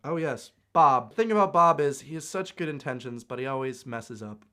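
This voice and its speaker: A young woman with a very low voice chats casually with a fellow YouTuber. Her humor is dry and relaxed, and a faint background noise sits under her words. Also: fairly quick. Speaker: YouTuber co-host. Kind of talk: casual chat.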